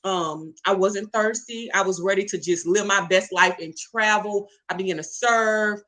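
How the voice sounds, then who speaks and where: Bright, emphatic woman. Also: medium pitch, moderate pace, rough recording. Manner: emphatic, preacherly, calls out to listeners. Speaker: interview guest, catering business owner. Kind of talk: testimony-style storytelling.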